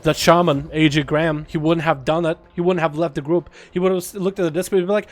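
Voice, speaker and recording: A young man commentates his game livestream in a relaxed, casual way, often laughing and swearing offhandedly. He speaks fast with few pauses, and his voice is on the high side with a steady tone.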